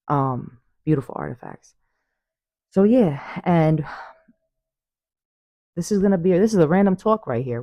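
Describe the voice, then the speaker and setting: A woman talking casually to her viewers about spirits, animated and emphatic, repeating phrases and calling listeners "baby". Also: low voice, no room sound, highs cut off. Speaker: spiritual vlogger. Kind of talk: casual storytelling monologue. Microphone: phone.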